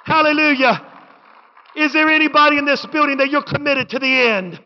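High-voiced man preaching in an echoing hall. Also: a little fast. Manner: rhythmic preaching with repetition, building to shouts. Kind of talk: sermon. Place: church sanctuary. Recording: dull sound with long hall reverb.

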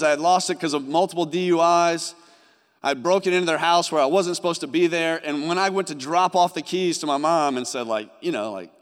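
Earnest young preacher in a reverberant hall. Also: male voice, fairly high pitch, clear, resonant tone. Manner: earnest testimony, rising and falling in intensity. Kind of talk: sermon.

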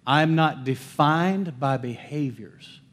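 A man's voice: on the high side, takes it slowly. Emphatic man preaching a sermon. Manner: emphatic, calls for congregation responses; swings between loud declarations and soft hushed lines. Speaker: pastor. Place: church service.

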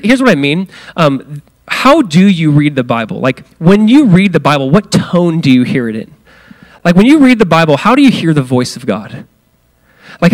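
Conversational pastor, higher-pitched man. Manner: conversational, many fillers, acts out quoted lines with big pitch swings. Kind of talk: sermon.

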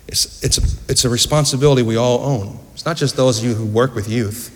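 A man's voice: mid-range voice, steady tone, fast talker, hardly any pauses. A man preaching a sermon in a church, earnest storytelling with rhetorical questions. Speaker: pastor. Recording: echoey church hall.

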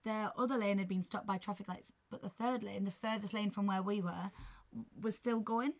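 Young woman, casual podcast storytelling, lively, sweary. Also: mid-range voice, brisk. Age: young adult. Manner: animated, swearing, laughing storyteller. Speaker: podcast co-host.

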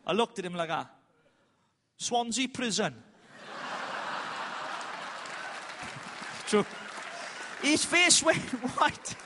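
A man preaches to a conference with a strikingly high, bright voice. He tells stories with self-mocking humour, bursting loud, then slows for emphatic lines. The sound rings with the long reverb of a big hall. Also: sing-song, some chatter behind, slight background noise. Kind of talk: conference sermon with storytelling. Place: large hall with an audience.

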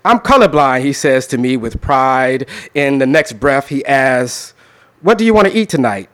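A man's voice: mid-range voice, sing-song, moderate pace, a bit bright. A man talking loosely with an audience, then performing a spoken word poem with a rhythmic, emphatic delivery. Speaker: poet. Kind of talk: spoken word poetry reading.

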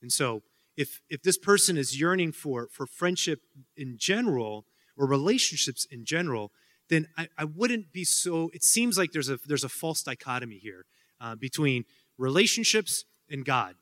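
Answering student questions in a casual Q&A, this man speaks at a normal speed in an expressive, slightly bright voice on the high side. His talk wanders, packed with fillers and jokey asides, and the hall's long reverb trails behind him.

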